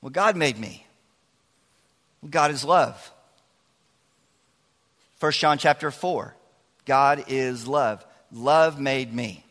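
A man's voice: medium pitch, slow pace, pauses often. A man, preaching to teenagers and the church in a chatty, joking way. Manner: lively, chatty, jokes with the crowd. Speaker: youth pastor. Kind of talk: sermon. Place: large church hall. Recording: long hall reverb.

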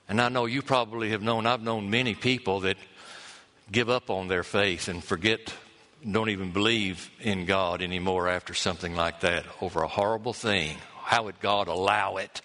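A man preaching a sermon, telling a story in halting phrases and repeating words for emphasis. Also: on the low side, fairly even intonation, sharp tone, big-room sound.

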